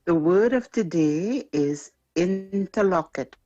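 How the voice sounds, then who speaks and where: A woman's voice: on the low side, animated, measured pace, mellow, dry recording. Lady calling in, proper teacher way of talking, dull phone sound, voice goes up and down. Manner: formal and precise, like a teacher. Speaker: caller. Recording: muffled phone line.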